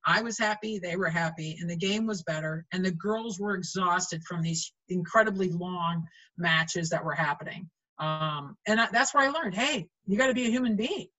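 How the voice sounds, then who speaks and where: A woman's voice: on the low side, normal speed, pushed and bright, muffled recording. A middle-aged woman, a volleyball referee, chatting animatedly in an interview and acting out quoted lines as she tells stories. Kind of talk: storytelling in an interview.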